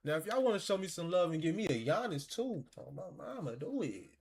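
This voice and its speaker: A man giving excitable, laughing, slangy pack-opening commentary, talking to the game and cards as he goes. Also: a little high, fairly quick, creaky. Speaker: gaming video creator.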